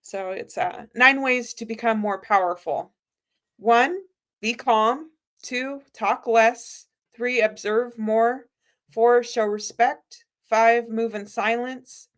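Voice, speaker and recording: A woman co-hosts a live yoga stream, speaking slowly and deliberately in a slightly high voice. She giggles often and backs the host up. She reads comments and numbered lists aloud at an unhurried pace. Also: steady tone, a bit bright. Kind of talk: casual livestream co-hosting.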